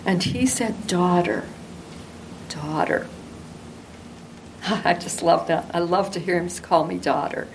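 A woman's voice: fairly low pitch, normal speed, vocal fry, hardly any pauses, a little hiss or hum, low-quality recording. An older woman teaching the Bible to women in an earnest, affectionate devotional talk.

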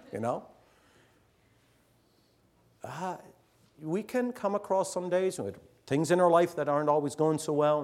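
A middle-aged man, a teacher addressing fellow teachers, telling a story earnestly, swinging from loud emphasis to hushed near-whispers. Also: fairly high pitch. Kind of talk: storytelling talk to an audience.

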